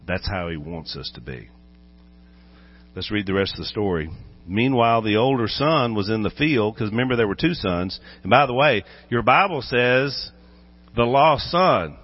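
Man, pastor, animated sermon, muffled sound, mains hum. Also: mid-range voice. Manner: animated, acts out voices while preaching.

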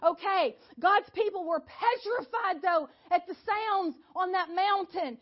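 A woman delivers a sermon in a very high, bright-sitting voice, spinning a story and pressing home rhetorical questions. The recording sounds dull and lo-fi. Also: a little slow. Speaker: Bible teacher.

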